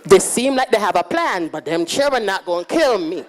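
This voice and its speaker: A woman in her forties, speaking at a conference, telling lively personal stories with frequent laughter. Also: medium pitch, normal speed, a little hiss or hum. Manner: lively, animated and laughing, acting out quotes. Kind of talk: personal storytelling talk. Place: conference stage.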